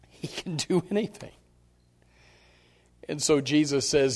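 A man's voice: mid-range voice, expressive, measured pace, creaky, husky. A male pastor preaching a sermon, emphatic and direct with the congregation, repeating his key phrases. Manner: speaks straight to the congregation.

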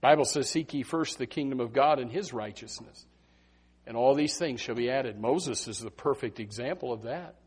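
A man preaching a Baptist sermon, swinging from loud emphatic bursts to hushed asides. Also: mid-range voice, normal speed, slightly rough.

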